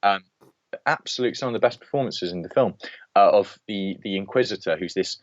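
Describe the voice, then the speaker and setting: Opinionated low-voiced man. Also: brisk, no room sound. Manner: opinionated, rants with many restarts. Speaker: podcast co-host. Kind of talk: casual film-review chat. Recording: dull lo-fi podcast audio.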